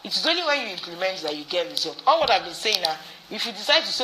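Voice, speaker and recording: A woman's voice: medium pitch, animated, racing, few pauses, background noise. A woman with a Nigerian accent, a business coach teaching money habits, telling stories and repeating key phrases for emphasis.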